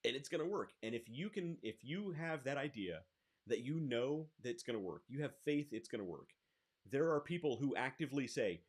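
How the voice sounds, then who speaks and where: A man's voice: mid-range voice, expressive, brisk. Emphatic motivational man on a podcast. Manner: emphatic, motivational, repeats "that's it" and "guess what". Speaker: podcast co-host. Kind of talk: casual podcast chat.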